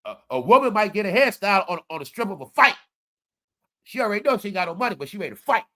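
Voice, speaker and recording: High, bright-voiced man preaching to viewers. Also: fast. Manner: animated, preachy, talks straight to viewers. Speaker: commentary livestream host. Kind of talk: casual live commentary.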